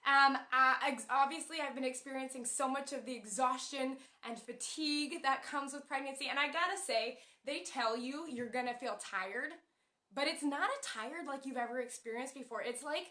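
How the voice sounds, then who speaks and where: Young woman, high bright voice, casual vlog chat, animated storytelling, roomy echo. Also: moderate pace. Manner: animated, emotional storytelling with acted-out quotes. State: pregnant. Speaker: vlogger.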